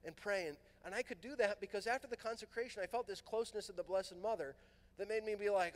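A man's voice: sits high, fast talker. Guy from southern california telling a story on stage, bounces into voices, big echoey fieldhouse. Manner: animated, acts out quoted dialogue. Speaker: priest and conference speaker. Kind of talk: storytelling talk to a youth conference. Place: large fieldhouse hall. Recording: long hall reverb.

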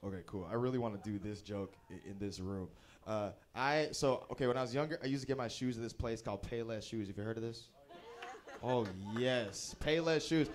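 This young comic's mid-range voice moves briskly through a stand-up set at a small bowling-alley comedy venue. His self-deprecating stories are animated, full of playful voice shifts, and a little hiss or hum sits underneath.

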